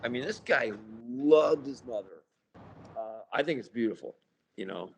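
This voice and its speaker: A man's voice: mid-range voice, expressive, moderate pace, gravelly, slight background noise. A man, an author and paranormal researcher, talking casually in an interview, wry and storytelling, acting out little scenes. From United States. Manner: wry storytelling, acts out party chatter.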